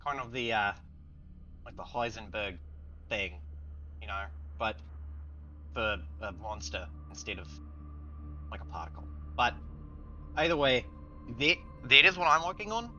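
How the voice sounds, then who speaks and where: A man's voice: mid-range voice, lively intonation, a little slow, pauses often, bright, forceful tone, soft background music. A man voicing an anxious, fidgety male scientist who rambles restlessly, on a muffled lo-fi mic.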